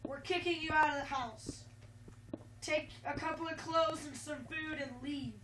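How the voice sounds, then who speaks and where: A woman's voice: high-pitched, normal speed, natural voice. A woman voicing harsh parents who throw out their young son, in a story she tells. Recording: roomy, distant, noisy mic.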